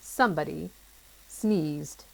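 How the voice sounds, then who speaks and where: A woman reading a children's chapter book aloud in an expressive, playful storytelling manner. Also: low-pitched, slow pace, creaky, rough recording.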